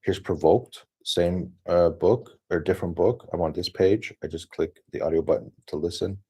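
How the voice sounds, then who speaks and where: A man with a low, dark voice talks his way through a casual screen-share walkthrough. He rambles and thinks aloud, full of fillers and restarts. His tone is mellow and a little husky. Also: normal speed. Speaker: solo streamer.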